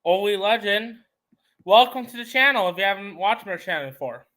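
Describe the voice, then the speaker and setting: Male co-host, teasing sports banter, high voice with a sharp bright edge. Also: animated, a little fast. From United States. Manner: playful, teasing. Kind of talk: casual sports chat.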